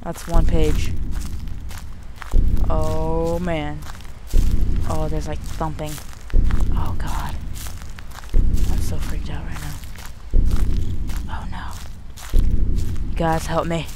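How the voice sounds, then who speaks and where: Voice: mid-range voice, monotone, slow, long pauses. A young adult gamer giving panicky, muttered commentary while playing a horror game. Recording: noisy home recording.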